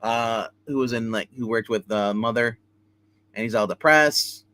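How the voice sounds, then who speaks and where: A man's voice: medium pitch, a little slow, bright, forceful tone, no echo. A man hosting a casual livestream comic book review, retelling a story loosely with many restarts and fillers. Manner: rambling plot retelling with many restarts and "he's like".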